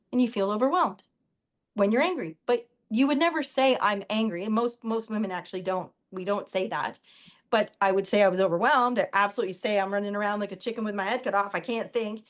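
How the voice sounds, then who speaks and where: A woman guest on an interview show, telling stories in a chatty, animated way. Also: mid-range voice. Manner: animated, chatty, quotes others in dialogue. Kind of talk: casual interview storytelling.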